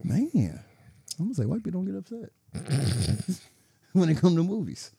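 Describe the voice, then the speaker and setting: A man co-hosting a podcast in casual, expressive chat. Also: moderate pace, creaky, husky, no room sound, studio quality. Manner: expressive, swinging pitch, laughs often. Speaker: podcast co-host.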